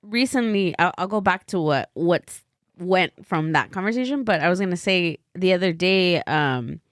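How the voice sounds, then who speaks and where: A woman's voice: lowish voice, lively intonation, moderate pace, dry recording, studio quality. A woman co-hosting a podcast, chatting in a rambling way with lots of fillers. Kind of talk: casual chat.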